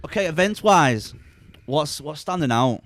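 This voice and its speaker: A man's voice: on the high side, lively intonation, unhurried, fairly bright tone. A man hosting a casual podcast, telling stories in sweary, laughing banter. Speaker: podcast host, event videographer.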